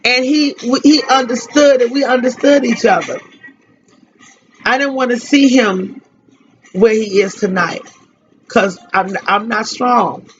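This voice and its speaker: Grieving slow-spoken woman on radio. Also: fairly high pitch. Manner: grieving, halting, repeats phrases. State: tearful. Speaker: radio host giving a tribute. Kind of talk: emotional spoken tribute. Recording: dull lo-fi radio recording.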